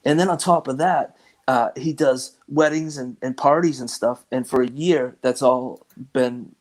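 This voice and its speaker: A man's voice: mid-range voice, unhurried, poor audio. Boston-accented man chatting easily. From Lowell, Massachusetts. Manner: relaxed, rambling, laughs easily. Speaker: guest musician. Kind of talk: casual chat.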